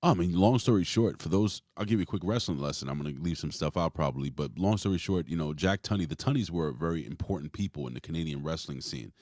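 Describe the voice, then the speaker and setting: A man's voice: very deep voice, fast talker, few pauses, no echo, studio quality. A man in his forties hosting a casual wrestling podcast, rambling and swearing as he tells stories. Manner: rambling, swears freely, animated storytelling. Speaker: podcast host.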